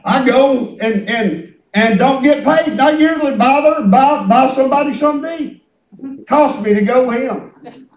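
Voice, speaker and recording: A man's voice: very high-pitched, moderate pace. A middle-aged man preaching a folksy, emphatic sermon and repeating himself for effect. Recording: echoey room, from a distance.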